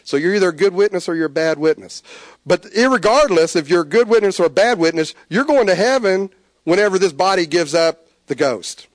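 A man preaching a sermon, animated, with stammered restarts. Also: high voice, brisk, dry recording, clean studio sound. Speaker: pastor.

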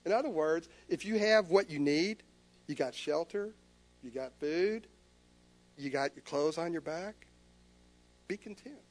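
A man's voice: fairly high pitch, unhurried, pauses often, faint music behind. A male pastor preaching a sermon, telling a personal story in an earnest way and acting out his own inner dialogue.

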